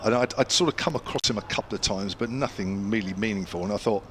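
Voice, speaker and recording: A man's voice: lowish voice, fast talker, fairly bright tone, slight background noise. An older English man commentating on cricket ball by ball, a former county player telling anecdotes between deliveries with a chatty storyteller's manner.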